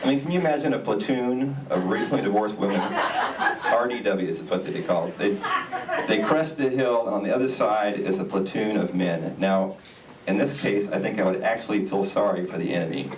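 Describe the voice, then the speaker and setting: Guy doing stand-up, kinda low voice, lots of uhs, roomy echoey hall, noisy tape. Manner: rambling, halting delivery with many "uh"s. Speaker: stand-up comedian. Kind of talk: stand-up comedy set. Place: theater stage. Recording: echoey theater recording from far off. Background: audience laughter.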